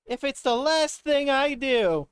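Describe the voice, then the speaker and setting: Woman as an urgent, earnest young woman detective in a game, animated delivery. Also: high-pitched, takes it slowly, slight background noise, voice pushed up.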